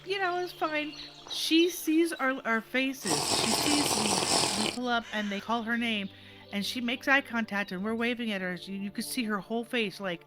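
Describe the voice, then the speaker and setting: A middle-aged grandmother telling a family story while streaming, animated and laughing often, acting out the people she quotes. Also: medium pitch.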